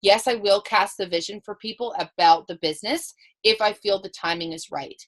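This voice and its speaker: A woman's voice: mid-range voice, moderate pace. A woman leading a team training call, telling stories and acting out both sides of her conversations. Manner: animated storytelling, quoting herself and others. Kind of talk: coaching talk with acted-out dialogue. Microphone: call recording.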